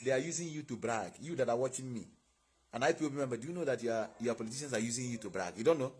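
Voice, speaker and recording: A man's voice: medium pitch, animated, racing, a little mellow, slightly rough. A man with a Nigerian accent hosting an impassioned livestream, preaching and asking his viewers rhetorical questions. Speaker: online show host.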